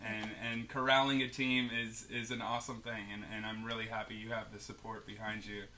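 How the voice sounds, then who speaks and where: A man's voice: on the low side, little pitch movement, brisk, pushed and bright, a little hiss or hum. A man hosting a late-night talk show, upbeat, laughing often and hyping up his guests. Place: stage with live studio audience. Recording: live audience crowd audible. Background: audience laughter.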